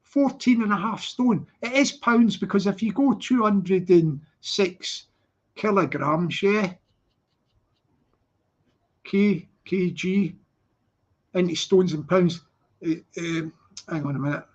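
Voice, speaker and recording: A man's voice: high voice, takes it slowly, pauses often. A man hosting a casual live stream, rambling and repeating words as he restarts his sentences. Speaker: channel host. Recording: slightly dull lo-fi audio.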